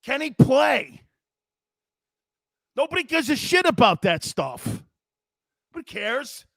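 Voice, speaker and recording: A man hosting a sports talk show, giving animated, sarcastic, ranting opinions. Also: extremely high pitch, dry recording, studio quality.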